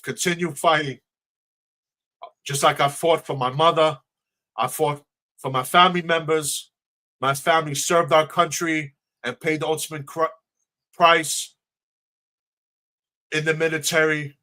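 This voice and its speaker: A man's voice: on the high side, sharp tone. A man, a political candidate answering questions on a livestream video call in an earnest, emotional, repetitive way.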